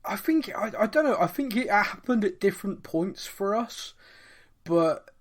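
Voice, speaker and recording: A chatty man hosting a podcast in a fairly high, light voice. He rambles easily, laughs often and drops into playful impressions mid-sentence. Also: expressive, moderate pace. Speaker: podcast host. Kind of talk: casual chat.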